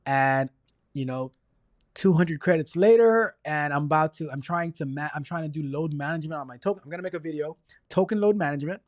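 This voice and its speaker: A man hosting a casual livestream, chatty and energetic, rambling along and stumbling over repeated words. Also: on the high side, brisk, dry recording, studio quality. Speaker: livestream host.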